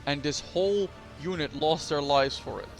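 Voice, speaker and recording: A man's voice: fairly high pitch, normal speed, soft background music, close to an everyday voice. A man voicing a stern veteran soldier who counsels his captain in a game. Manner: stern, solemn. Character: grim stern male veteran soldier adviser.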